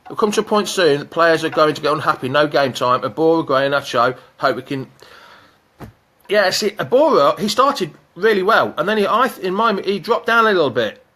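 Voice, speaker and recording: A man with a fairly high voice hosts a live fan stream. He chats in an excitable, jokey way and answers viewers' comments as they come in. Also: normal speed. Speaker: fan channel host.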